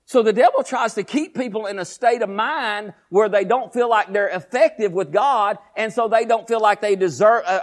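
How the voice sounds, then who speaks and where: Male pastor, high voice, folksy sermon delivery with emphatic climbs. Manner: folksy, animated, rises into emphatic bursts.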